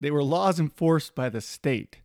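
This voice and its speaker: A man's voice: a little high, animated, unhurried, a little mellow, no echo. A man hosting a podcast in casual chat, rambling with asides and restarts into a studio microphone. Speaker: podcast host.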